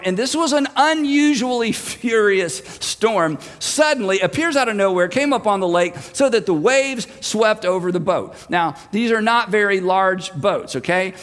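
A male pastor preaching a sermon, telling the story in an animated, emphatic way. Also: sits high, long reverb tail.

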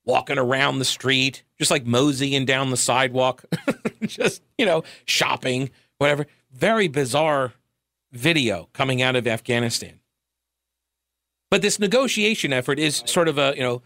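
A man's voice: mid-range voice, expressive, normal speed, bright, forceful tone, dry recording. A man hosting a talk radio show, giving sarcastic commentary with wry laughs into a studio microphone.

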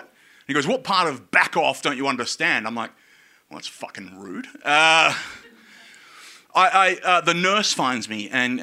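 A man's voice: medium pitch, pushed and bright. A man telling a personal story in a casual, profane, self-mocking way.

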